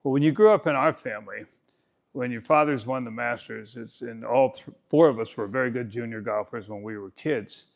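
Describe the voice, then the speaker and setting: A man's voice: mid-range voice, fairly quick, vocal fry, lo-fi sound. A man in his eighties giving a keynote talk as a golf coach, telling stories with folksy, self-mocking humor. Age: 80s.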